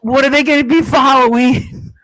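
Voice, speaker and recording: A woman's voice: sits high, steady tone, a little fast, a bit bright. A woman chatting as a guest on a livestream, giggly and teasing. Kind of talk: casual livestream chat.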